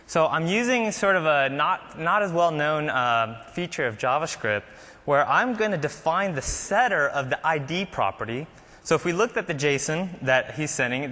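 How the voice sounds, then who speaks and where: Bright-voiced man demoing code. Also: a little high, big-room sound. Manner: casual, explains while typing, frequent fillers. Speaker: conference presenter. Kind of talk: live coding demo talk.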